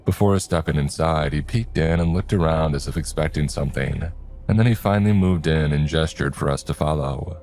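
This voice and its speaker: Very deep-voiced man narrating horror. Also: a little hiss or hum. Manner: steady, measured storytelling. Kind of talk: scripted horror story narration. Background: faint music.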